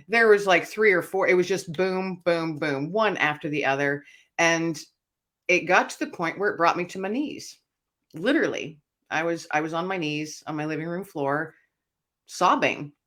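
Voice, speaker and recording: A woman speaks as an interview guest, sharing a personal testimony. She talks in an earnest, reflective way, letting her voice fall quiet when the story turns heavy. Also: lowish voice.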